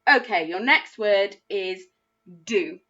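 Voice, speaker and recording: A woman with an English accent teaching a phonics lesson to young children, spelling words out slowly and praising their efforts. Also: mid-range voice, animated, pushed and bright, muffled recording. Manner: slow, clearly spelled-out words with encouraging praise. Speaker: primary school teacher.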